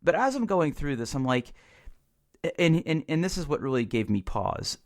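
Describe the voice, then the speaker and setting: A man's voice: fairly high pitch, sing-song, moderate pace. Frustrated rambling man co-hosting. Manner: rambling, frustrated, lots of restarts. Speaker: podcast co-host. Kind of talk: casual chat.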